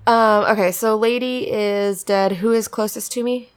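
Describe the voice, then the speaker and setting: A woman's voice: medium pitch, steady tone, measured pace. A woman takes her turn in a tabletop role-playing game. She describes her character's actions hesitantly, with plenty of filler words, in a casual tone. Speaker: player.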